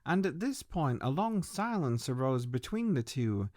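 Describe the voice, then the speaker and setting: A man hosting a philosophy podcast, reading a book aloud in a slow, measured way. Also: mid-range voice, big pitch swings, darkish tone.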